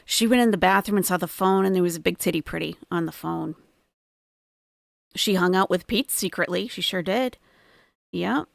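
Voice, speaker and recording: A young adult woman hosting casual reaction commentary, sarcastic and quick to laugh. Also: fairly low pitch, vocal fry, no room sound, studio quality. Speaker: commentary channel host.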